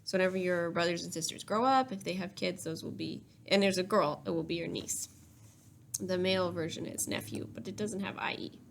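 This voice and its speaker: A woman's voice: on the low side, fairly quick, vocal fry, a little hiss or hum. A woman teacher giving a recorded spelling lesson to young children, explaining each step patiently. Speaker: third-grade teacher.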